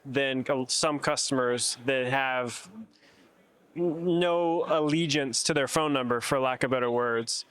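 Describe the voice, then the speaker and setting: A man's voice: mid-range voice, unhurried, a bit bright, clear, resonant tone. A man hosting an interview, thoughtful, asking long winding questions. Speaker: podcast host, interviewer. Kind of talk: conversational interview. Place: expo hall.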